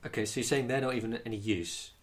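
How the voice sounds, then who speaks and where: A man co-hosting an improvised comedy podcast, chatty and quick to laugh as he plays along. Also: medium pitch, fairly even intonation. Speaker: co-host playing the hero of the scenario.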